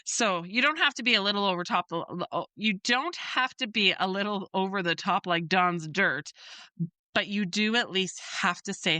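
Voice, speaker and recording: Middle-aged lady farmer host, chatty and jokey, bright voice, dry close sound. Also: mid-range voice, normal speed, no echo. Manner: chatty, joking, animated. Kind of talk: casual advice talk.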